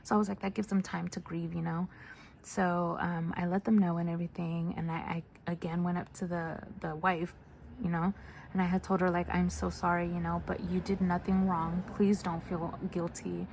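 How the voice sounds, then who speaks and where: Hushed, gravelly-voiced woman telling a story. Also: lowish voice, little pitch movement, moderate pace, slight background noise. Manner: soft, hushed delivery with many fillers. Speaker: hospice nurse telling a story. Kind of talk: casual storytime.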